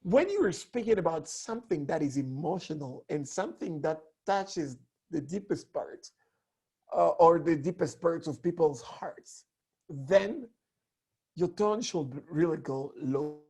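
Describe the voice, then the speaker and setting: A man teaching a lesson on public speaking, hoarse with a cracked voice, talking in an animated way that swoops between high and low tones. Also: measured pace. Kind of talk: online lesson.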